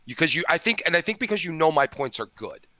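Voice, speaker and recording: A fed-up man with a bright, cutting voice lectures his opponent through an online call. His pitch sits a little high, and the sound is dry and close. He is worn out from a long day and keeps talking over the other side. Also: big pitch swings, fast, no echo. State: tired after a long day. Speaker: debater defending Christian view. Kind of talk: heated online debate.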